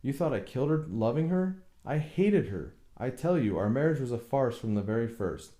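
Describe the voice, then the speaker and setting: A man's voice: mid-range voice, animated, normal speed, mellow, reverberant, pitched above the performer's own voice, close to an everyday voice. A man voicing a tormented older husband who talks in a brooding, bitter way in an audiobook reading. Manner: brooding, bursts into bitter anger.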